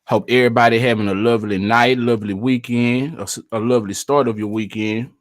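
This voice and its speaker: A man runs a laid-back live stream in a loose, slangy way, shouting out viewers one by one as they show up. His voice sits at an ordinary middle pitch for a man. He keeps a casual, chatty flow throughout. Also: fairly even intonation, fast talker.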